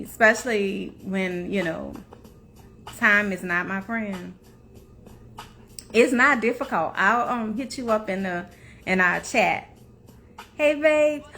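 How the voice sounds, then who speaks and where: Woman, livestream host, unhurried, chatty, laughs a lot, faint music behind. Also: mid-range voice, fairly bright tone. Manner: chatty, laughs often, greets viewers by name. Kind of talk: casual livestream chat to viewers.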